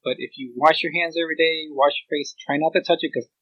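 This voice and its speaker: A man's voice: on the high side, steady tone, quick pace, lo-fi sound. A man guesting on a podcast, chatting casually and giving earnest opinions. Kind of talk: casual chat.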